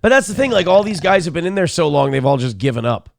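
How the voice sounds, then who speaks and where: A sick, cranky man hosts a live morning show in a fairly high voice that swings widely in pitch, talking fast with a creak on a dry recording. His live-stream commentary is crude and profane, and he mocks others with put-on voices.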